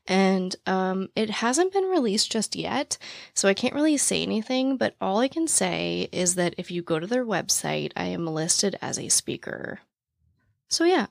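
A woman podcast host with a naturally raspy, gravelly voice, talking very fast and excitedly in casual chat, out of breath while standing at the mic. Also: mid-range voice, no room sound, studio quality. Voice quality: naturally raspy voice with vocal fry. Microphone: studio microphone, standing while recording.

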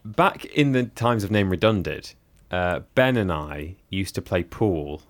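Deep bloke, dry, explains stuff at length on a podcast. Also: male voice, expressive, a little slow. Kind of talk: casual podcast chat.

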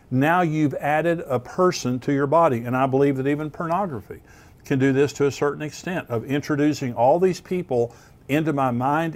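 A man preaching as a pastor, giving earnest, plain-spoken teaching with some restarts. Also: mid-range voice. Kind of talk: sermon.

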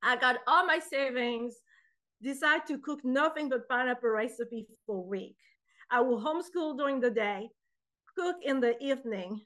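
Woman guest, high voice, relaxed chatty storyteller who slips into the voices of people in her stories. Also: normal speed. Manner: animated, acts out dialogue in her anecdotes. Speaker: guest, author and poet. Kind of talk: casual interview storytelling.

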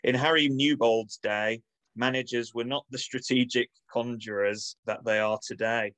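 A man's voice: medium pitch, steady tone, moderate pace, a bit bright, no room sound, low-quality recording. Wry man reading aloud, dry sound. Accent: close to Manchester. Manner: wry, reads aloud then riffs. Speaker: podcast co-host reading from a book. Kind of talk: casual chat with read-aloud passages.

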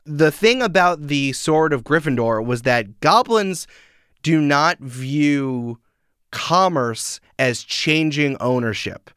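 A man talking casually on a podcast, animated and full of "like" fillers. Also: a little high, slow pace, clear, resonant tone, no echo, clean studio sound. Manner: animated, uses many "like" fillers, acts out quotes. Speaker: podcast guest.

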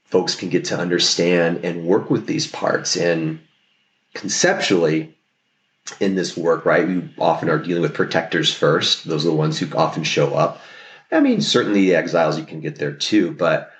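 A man's voice: low voice, lively intonation, moderate pace. A male therapist, a podcast guest, talking reflectively and explaining, often checking in with "right?". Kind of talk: podcast conversation. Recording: roomy echo.

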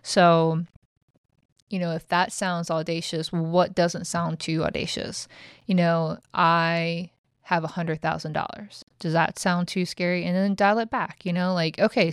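A woman's voice: fairly low pitch, smooth, no room sound, studio quality. A middle-aged woman who hosts a podcast, talking frankly and casually and swearing now and then. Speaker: podcast host. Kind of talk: casual motivational chat.

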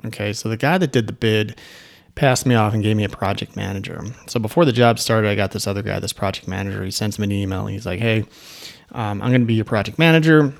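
A man's voice: lowish voice, fairly even intonation, fast talker, creaky. A man who owns an agency, telling a story in a casual, rambling way with asides and restarts. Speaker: agency owner.

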